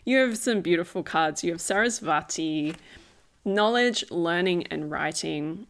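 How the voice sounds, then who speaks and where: A woman's voice: fairly low pitch, measured pace, fairly bright tone. A woman giving a casual spiritual tarot reading. She is chatty, laughs often, uses many fillers and repeats phrases for emphasis. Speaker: tarot reader.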